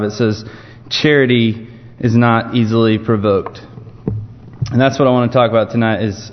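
Man preaching in an echoing church. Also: fairly low pitch. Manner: conversational, storytelling with frequent restarts. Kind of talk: informal evening sermon. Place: church sanctuary. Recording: dull muffled sound with long church reverb.

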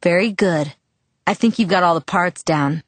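A woman's voice: on the low side, normal speed, dry recording, natural voice. A woman reading the lines of a teasing, easygoing teenage boy in an audiobook. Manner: teasing, casual.

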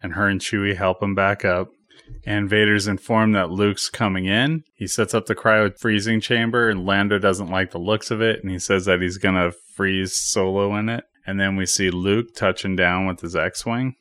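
A man with a fairly low voice talks through a movie plot in a relaxed, casual way, slipping in dry little jokes between the story beats. The sound is close and dry, with no room around it. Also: normal speed, dry recording. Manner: wry, joking asides while summarizing. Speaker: film recap narrator. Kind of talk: casual film recap narration.

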